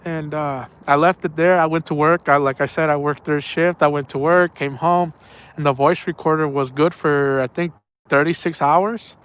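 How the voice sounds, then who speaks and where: A man's voice: on the high side, fairly even intonation, moderate pace, a bit bright, smooth. A man telling a story casually outdoors at night. He rambles and repeats himself and drops slang like "man" and "bro". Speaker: angler telling stories on a night fishing trip.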